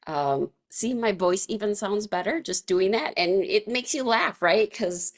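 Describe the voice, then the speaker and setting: A woman's voice: medium pitch, lively intonation, a little slow. A woman teaching a casual wellness class, chatty and laughing often, with many fillers and restarts. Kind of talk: casual guided class instruction.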